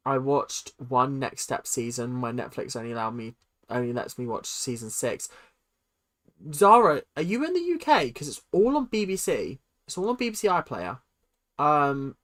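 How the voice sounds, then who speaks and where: Animated British woman hosting a live stream. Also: extremely low pitch. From United Kingdom. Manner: animated, dramatic reactions, chats with viewers. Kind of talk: casual live stream chat.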